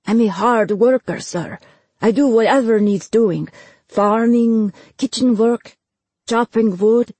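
A woman's voice: fairly high pitch, slow pace, warm tone, breathy edge, no room sound, voice pushed up. A woman narrator voicing a young male mage who pleads earnestly while hiding who he is. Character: young male mage in disguise, anxious but playing innocent.

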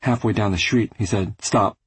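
A man reading a first-person literary audiobook, measured and restrained. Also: lowish voice, a little mellow, husky, dry recording, rough recording. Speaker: audiobook narrator.

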